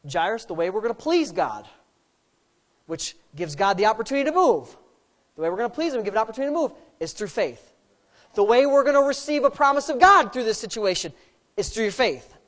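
A woman's voice: fairly high pitch, sing-song, fairly quick. A woman preaching a sermon, asking rhetorical questions and adding playful asides.

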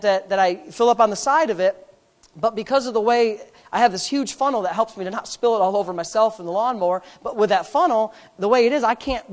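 A man preaching a sermon as pastor. He swings from loud, climbing preaching peaks to quiet, self-mocking storytelling with casual asides. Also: very high voice. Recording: long reverb of a large hall.

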